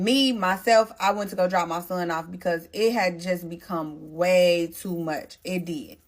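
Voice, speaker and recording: A woman's voice: fairly low pitch, normal speed, few pauses. A pregnant woman telling a storytime vlog, speaking straight to her viewers and repeating phrases for stress.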